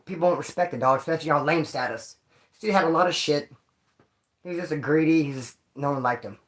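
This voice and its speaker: Slangy, animated man telling prison stories. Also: fairly high pitch, fast. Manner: animated, slangy and profane, acts out quoted voices. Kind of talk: casual storytelling to camera.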